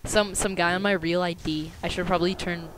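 Sarcastic young gamer over noisy clicks. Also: male voice, sits high, fairly even intonation, brisk, fairly bright tone. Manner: joking, laid-back, sarcastic asides. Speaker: gamer recording his gameplay. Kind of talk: casual gaming commentary. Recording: noisy home recording with clicks.

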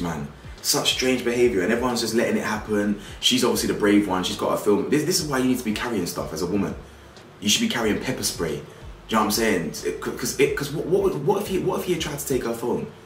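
Young guy, deep voice, animated slangy rant, tired, distant in a roomy space with faint hiss. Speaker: commentary YouTuber. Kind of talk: casual opinion commentary.

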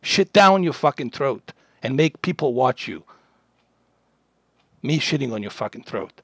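A man's voice: mid-range voice, very animated, a little slow, a bit bright, husky, dry recording. Furious, foul-mouthed streamer man. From Bosnia. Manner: profane, aggressive, threatening. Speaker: livestreamer. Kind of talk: angry livestream rant at a chat troll.

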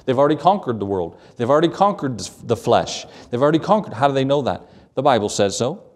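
A man preaches in a church sanctuary, reading scripture aloud and tossing rhetorical questions at his listeners. His voice sits at an ordinary middle pitch. It carries through a very echoey room, picked up from some distance away. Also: very animated, fast, a little mellow. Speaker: pastor. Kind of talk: sermon.

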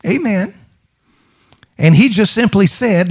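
A man's voice: a little high, expressive, unhurried, a little mellow. A middle-aged man preaching a sermon. He fires rhetorical questions, repeats phrases and calls on the congregation to answer. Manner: emphatic preaching with call-and-response to the congregation.

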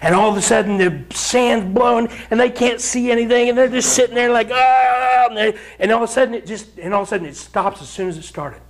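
A preacher with a high-pitched male voice leads his congregation through scripture verse by verse. He tells the stories with lively energy, acting out scenes and laughing along the way. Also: fast talker, few pauses, slight background noise. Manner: animated storyteller, acts out scenes and chuckles often; addresses the congregation directly, urging them to read along. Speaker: pastor. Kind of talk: sermon, verse-by-verse Bible teaching.

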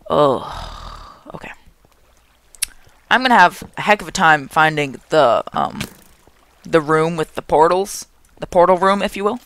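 A young man narrates his gameplay in an excitable, joking way, chatting to the monsters on screen as he goes. His voice has a gravelly, fry-heavy edge, and his pitch swings widely up and down. The delivery is loose, playful let's play commentary. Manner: excitable, jokey, talks to game monsters. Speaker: gaming channel host.

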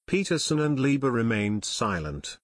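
A man narrating an audiobook in a steady storytelling manner, recorded close on a studio mic. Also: medium pitch, moderate pace, dry recording. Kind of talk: scripted narration.

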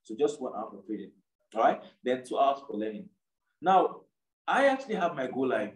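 A man's voice: mid-range voice, big pitch swings, moderate pace. Man teaching trading, echoey distant sound. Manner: repetitive, checks in with "do you understand?". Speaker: trading course educator. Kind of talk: live online lesson.

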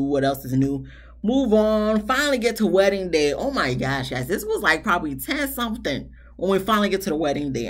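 A woman giving a casual, sarcastic review of a TV episode, talking straight to her viewers and laughing between remarks. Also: lowish voice. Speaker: TV show reviewer. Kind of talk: casual commentary vlog.

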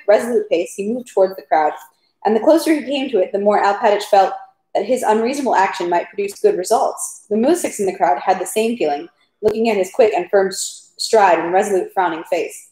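A woman reads a long novel aloud at home at a steady pace, now and then tripping on a word. Her pitch sits in the middle range. The room gives her voice a roomy echo. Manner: steady reading with occasional stumbles. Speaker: reader.

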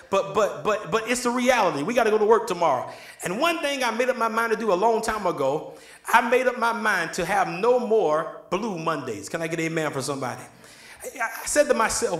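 A man's voice: high-pitched, fairly bright tone. A man preaching a sermon in a church, calling for amens from the congregation. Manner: call-and-response preaching, asks for amens. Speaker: pastor. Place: church sanctuary. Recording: echoey church room.

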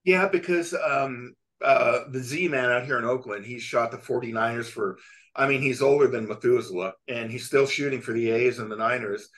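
A man's voice: mid-range voice, moderate pace. A middle-aged man from California, a sports photographer, telling long anecdotes in a casual chat with frequent restarts. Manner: rambling, animated storyteller with many restarts.

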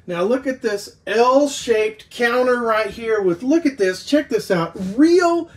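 A man's voice: very high voice, slow. A man giving an enthusiastic walkthrough tour of a travel trailer as a salesman, eagerly pointing out each feature. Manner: excited, keeps pointing things out "right there".

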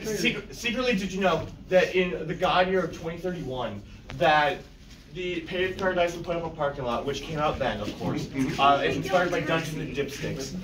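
A man's voice: on the high side, moderate pace. A young man hosting a convention panel as a joking mock professor, teasing the audience and laughing often. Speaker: panel presenter. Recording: echoey room, far mic, crowd noise.

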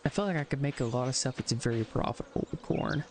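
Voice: mid-range voice, fast, creaky, a little mellow, slight background noise. A gaming streamer giving live-stream commentary, muttering to themselves, counting aloud and swearing when things go wrong. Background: game music.

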